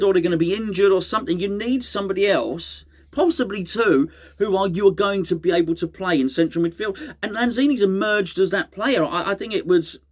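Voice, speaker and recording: Chatty man, slightly high voice. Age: middle-aged. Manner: rambling, chatty, self-correcting. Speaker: fan channel host. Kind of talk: casual solo fan chat to camera.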